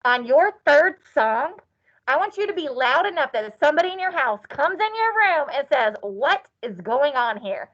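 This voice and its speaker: High, lively woman teaching. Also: normal speed. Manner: sing-song, animated, playful cowgirl cheer. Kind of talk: online class lesson. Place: classroom or office. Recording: dull lo-fi sound.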